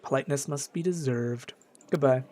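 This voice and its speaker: A man's voice: medium pitch, normal speed, mellow, close to an everyday voice. A man reading aloud the lines of an arrogant, dismissive male nobleman, stumbling now and then over the words. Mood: haughty.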